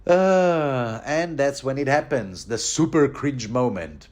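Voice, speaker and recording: A man's voice: mid-range voice, animated, slow, darkish tone. A man giving a rambling, chatty book commentary, joking and chuckling as he goes. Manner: rambling, chuckling, many fillers and restarts.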